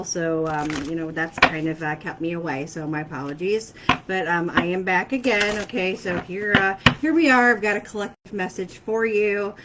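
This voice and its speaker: A woman's voice: lowish voice, heavy background noise. A woman speaking casually to her viewers as an intuitive reader, hesitant, with many fillers and checks of "okay?". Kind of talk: casual spoken message to camera.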